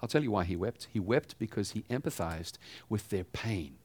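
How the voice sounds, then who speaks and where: A pastor giving a sermon in a conversational style, asking the congregation rhetorical questions. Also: male voice, lowish voice, animated, normal speed, darkish tone, no echo.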